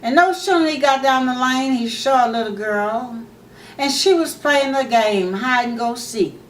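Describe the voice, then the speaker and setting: A woman telling a children's story in a slow, expressive, folksy way, recorded from far off in an echoey room. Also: sits high, a little hiss or hum.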